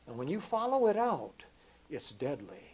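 Emphatic older man preaching, lively pitch. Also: moderate pace, low-quality recording. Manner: earnest, emphatic, repeats words, swings between loud and hushed. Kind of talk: sermon.

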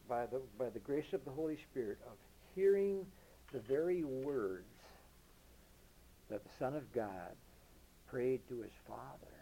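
Slow, emphatic male preacher with a mellow voice. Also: rough recording. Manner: emphatic, swinging from loud declarations to low murmurs; reads King James scripture slowly and deliberately. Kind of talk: sermon.

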